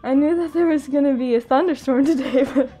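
A woman's voice: high-pitched, brisk, dark tone. A young woman streaming and chatting casually with her viewers, laughing often, from the US West Coast. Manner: giggly, talks to chat, laughs often. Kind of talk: casual live-stream chat. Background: faint background music.

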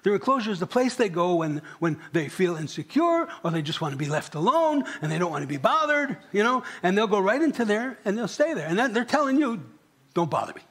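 A man's voice: sits high, very animated, a little fast, hardly any pauses, fairly bright tone. A man preaching a sermon in a church, talking with the congregation and asking them questions. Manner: conversational, asks the congregation questions. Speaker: pastor.

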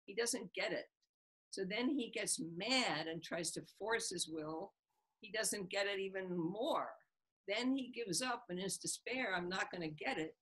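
Husky-voiced woman telling a story. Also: medium pitch, a little slow, low-quality recording. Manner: animated storyteller, acts out the characters' lines with a laugh. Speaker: translator and author being interviewed. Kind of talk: interview, retelling a story.

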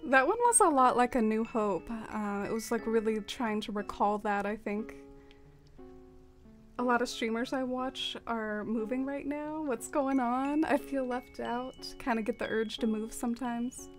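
A young woman live streaming a game, chatting casually with her viewers in a soft, rambling way full of fillers and trailing thoughts. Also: a little high, a little slow, soft background music. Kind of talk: casual stream chat while playing a game.

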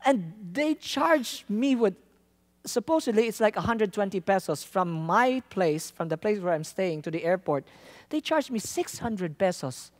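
A man from the Philippines, a traveling missionary telling a lively testimony in a sermon, laughing often and acting out the people in his story. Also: high voice, measured pace. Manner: animated, laughs often, acts out quoted lines.

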